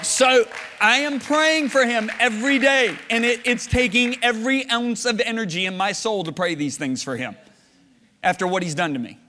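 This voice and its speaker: A man preaching a sermon, telling stories and swinging from low, hushed lines to loud shouted bursts. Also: normal speed, in a large hall.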